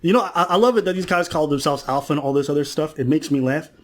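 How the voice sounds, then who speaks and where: A man's voice: a little high, fast. A man ranting on a podcast, mocking and telling stories while acting out other people's lines. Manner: mocking, acts out quotes, storytelling. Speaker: podcast commentator. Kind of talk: casual podcast rant.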